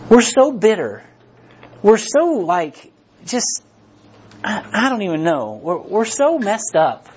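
A pastor delivers a sermon in a loose, conversational way, doubling back and restarting his sentences as he goes. His voice sits a bit high for a man, and the recording sounds muffled and lo-fi. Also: very animated, takes it slowly, long pauses, darkish tone, breathy edge. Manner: conversational preaching with frequent restarts.

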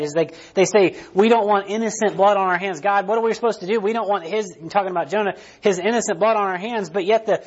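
A man with a high voice gives a casual, conversational sermon and keeps tagging his points with "right?". The recording has a dull, lo-fi sound. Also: husky. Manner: conversational preaching, frequent "right?" tags, restarts. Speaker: pastor.

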